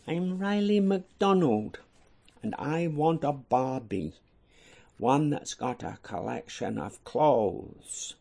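A man's voice: mid-range voice, animated, slow pace, vocal fry, darkish tone, full character voice. A man reading a poem, voicing an eager little girl pleading with Santa for a doll.

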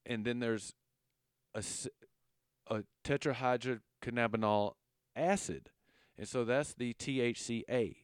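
A man with a Southern accent giving a casual lesson, relaxed and full of fillers, stumbling over long chemical names. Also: medium pitch, clean tone, no echo, clean studio sound. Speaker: educator.

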